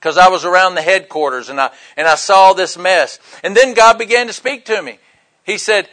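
Man, older, sermon, high voice, folksy, jokey asides. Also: normal speed. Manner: folksy, joking, swings from loud bursts to quiet asides. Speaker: pastor.

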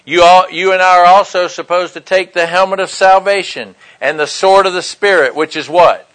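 Middle-aged male preacher, high and bright, sermon delivery, acts out quotes within his stories. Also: steady tone, normal speed, low-quality recording. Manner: storytelling with acted-out quotes.

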